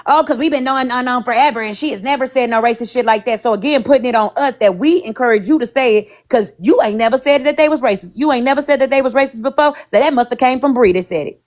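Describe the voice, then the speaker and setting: A woman's voice: fairly high pitch, fast, hardly any pauses, a little mellow. A woman arguing on a livestream, defensive and profane, repeating her points over and over. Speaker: livestream participant. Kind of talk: heated livestream argument.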